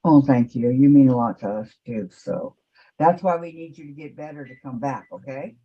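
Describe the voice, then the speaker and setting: A woman's voice: a bass voice, normal speed, husky. A woman hosting a quilting group's video call, chatty and reassuring, laughing often. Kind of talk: casual video call chat. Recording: dull lo-fi video call audio.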